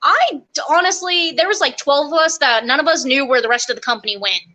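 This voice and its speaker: A young woman telling stories from army basic training in a casual interview, lively and quick, acting out the quotes. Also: high voice. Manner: animated, quick storytelling with acted-out quotes.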